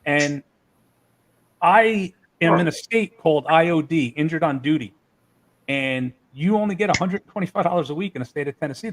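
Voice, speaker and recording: A man's voice: a little high, rough recording. A man being interviewed, telling heated stories and swearing freely. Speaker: interview guest. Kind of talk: casual interview.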